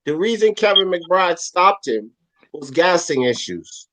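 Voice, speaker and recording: A man in a loose boxing debate, pressing his case with blunt, profane emphasis. His voice sits high for a man. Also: very animated, unhurried, over a noisy crowd, rough recording. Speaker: boxing show co-host. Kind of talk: casual sports debate.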